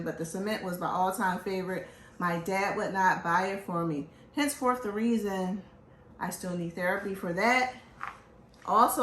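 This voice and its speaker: A woman from Philadelphia hosting a casual show, talking in an animated, joking, chatty way. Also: mid-range voice, roomy sound, slight background noise. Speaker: host. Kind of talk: casual chat.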